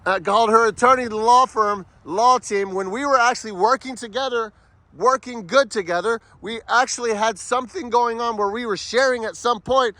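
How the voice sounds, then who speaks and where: A man ranting angrily to camera, yelling and cursing in a furious outburst. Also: very high-pitched, moderate pace. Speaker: father vlogging about a custody battle. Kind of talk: angry outdoor rant to camera.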